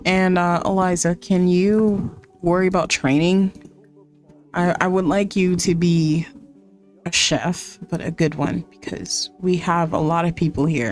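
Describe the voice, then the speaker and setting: A woman's voice: lowish voice, a little mellow, voice pushed down. A woman voicing a blunt, bossy male restaurant owner in a life-simulation game, talking to his staff.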